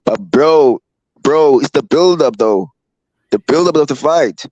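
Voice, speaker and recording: A man's voice: fairly high pitch, expressive, unhurried, a little mellow, no room sound. Guy keeps going bro bro, muffled dry sound. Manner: repetitive, says bro constantly. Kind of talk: casual debate.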